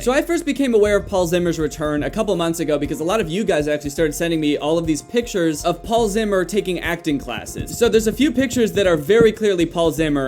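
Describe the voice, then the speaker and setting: A man's voice: on the high side, darkish tone. A man giving casual commentary, full of sarcastic, dry joking asides. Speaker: commentary YouTuber.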